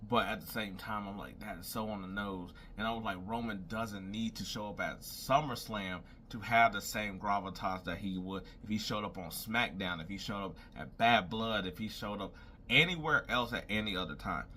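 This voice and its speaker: A man's voice: on the low side, normal speed, sharp tone, slight background noise. A young man talking casually, rambling and thinking aloud as he makes predictions and keeps repeating "I was like". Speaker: wrestling commentator making predictions. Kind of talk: casual solo talk.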